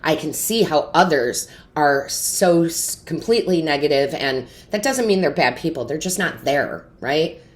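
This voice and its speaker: A woman's voice: low-pitched, expressive, measured pace, hardly any pauses. A woman giving an intuitive tarot reading straight to camera, earnest and emotional, often checking in with "right?" and "okay?". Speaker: tarot reader and medium.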